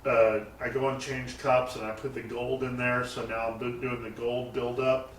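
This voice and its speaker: A man's voice: mid-range voice, level tone, moderate pace. A man chatting about custom car builds, rambling through his stories with frequent fillers and restarts. He is recorded from a distance in a roomy, echoey garage. A faint hiss sits under his voice. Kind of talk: casual interview talk. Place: garage shop. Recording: roomy echo, mic set far off, faint noise.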